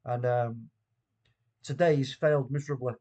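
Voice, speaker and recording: A man hosting a live football watchalong stream. He chats with viewers in slang and swings from loud disbelief to low, weary muttering. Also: steady tone, normal speed. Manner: chatty, greets viewers by name with slang. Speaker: host of a fan watchalong stream.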